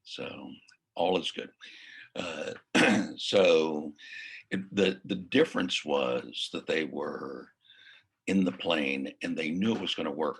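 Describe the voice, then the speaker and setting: Gravelly very deep-voiced man coaching. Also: a bit bright. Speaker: mindfulness coach. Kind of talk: casual spoken lesson.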